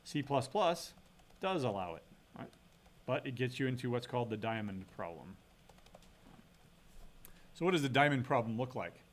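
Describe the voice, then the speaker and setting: A middle-aged man lecturing a class in a relaxed, conversational way. His voice sits at an ordinary middle pitch. He keeps checking in with quick "right?" tags and thinks aloud as he goes. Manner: casual, thinks aloud, frequent "right?" tag questions. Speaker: university lecturer.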